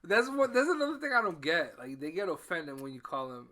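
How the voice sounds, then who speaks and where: A man in a loose podcast conversation, speaking in a fairly high voice. His tone is very bright and sharp, and he stays blunt and laid-back, laughing often. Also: animated, fairly quick. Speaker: podcast co-host. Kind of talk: casual chat.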